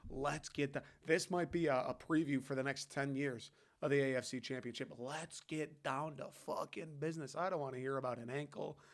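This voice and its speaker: A male host of a casual sports podcast goes on a heated, swear-filled rant at a moderate pace with few pauses. His everyday mid-pitched voice has fairly even intonation, and he keeps things loose and chummy, calling the listener "dude" like a buddy.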